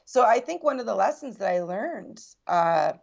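A woman's voice: medium pitch, lively intonation, moderate pace, vocal fry, a little mellow, dull audio. A woman guest recounting a personal story in earnest, reflective casual conversation. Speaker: podcast guest.

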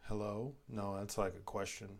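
A man's voice: mid-range voice, fairly quick. A man co-hosting a podcast in casual chat, reacting and joking and laughing often. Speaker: podcast co-host.

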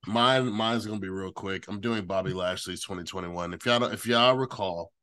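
Guy with a really deep voice, dry close mic, laid back podcast banter. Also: moderate pace, a bit bright, smooth, dry recording. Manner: short reactions and brief asides. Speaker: podcast co-host. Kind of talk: casual chat.

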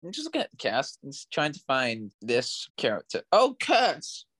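Lively jokey man, swooping pitch. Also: dry recording. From England. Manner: lively, jokey, quick agreeing interjections. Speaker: podcast co-host. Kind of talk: casual film review chat.

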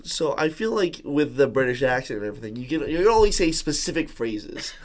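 A young man, a tipsy podcast guest, eagerly pitching in jokes during casual banter. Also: very animated, a little fast.

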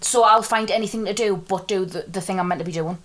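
A woman's voice: mid-range voice, quick pace, a bit bright. A woman co-hosting a podcast, teasing her friend and telling stories with swearing and laughter. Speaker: podcast co-host. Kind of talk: casual chat.

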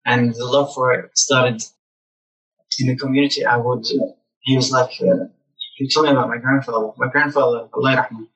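A young man telling lively stories about his childhood as a guest in a casual interview. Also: medium pitch, a little fast, far from the mic, rough recording. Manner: animated, acts out childhood memories.

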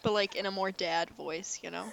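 A young woman co-hosting a podcast in casual chat, excitable and quick to laugh. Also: medium pitch, vocal fry. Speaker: podcast co-host.

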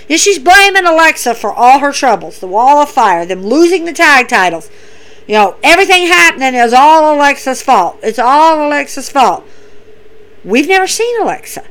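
A woman recapping wrestling shows in a casual, excitable way, acting out what people said. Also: high-pitched, moderate pace, rough recording. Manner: excitable storyteller acting out quotes.

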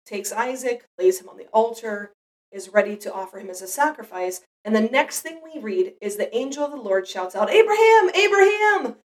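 A woman's voice: mid-range voice, fairly quick, darkish tone, recorded from a distance, low-quality recording. A mother giving an earnest, reflective devotional Bible teaching, speaking directly to the listener.

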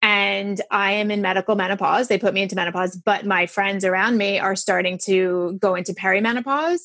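A woman in her forties hosting a casual chat, frank and animated, swearing freely and laughing often. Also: medium pitch, a little fast, no room sound. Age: 40s. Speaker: podcast host.

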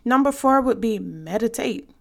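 Female podcast host, devotional chat, earnest and direct, some vocal fry. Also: on the high side, expressive, normal speed. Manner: earnest, conversational, addresses listeners directly. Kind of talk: casual devotional podcast talk.

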